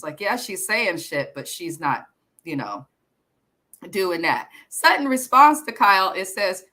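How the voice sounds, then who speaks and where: A woman's voice: mid-range voice, sing-song, unhurried, bright, forceful tone. A woman hosting a casual show recap, talking bluntly and gossiping with frequent swearing. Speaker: podcast host.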